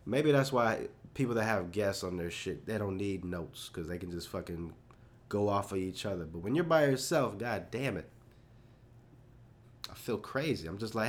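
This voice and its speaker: A man's voice: fairly low pitch, moderate pace. A young man hosting a solo podcast, rambling off the cuff in a loose, profane, self-deprecating way with lots of fillers. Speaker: podcast host.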